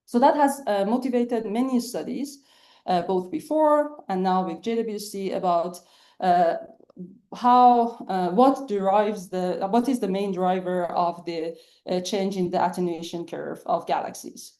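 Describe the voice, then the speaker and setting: A woman's voice: mid-range voice, warm tone. A woman researcher giving a scientific lecture over a video call, explaining steadily with frequent "uh" fillers. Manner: many "uh" fillers, measured explanatory pace. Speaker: astronomy researcher giving a webinar talk.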